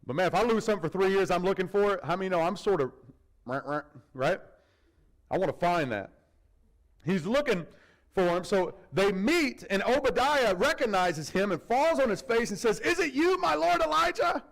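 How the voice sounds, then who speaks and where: A pastor preaches a sermon, telling the story in an animated, conversational style with asides to the congregation. His voice is high-pitched at normal speed, and the audio quality is poor.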